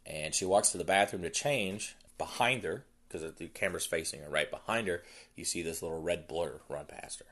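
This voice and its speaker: A man's voice: low voice, moderate pace, a bit bright. A man hosting a podcast, casually retelling a film's plot in a loose, rambling way full of fillers. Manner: rambling, filler-heavy storytelling. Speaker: podcast host. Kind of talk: casual movie recap.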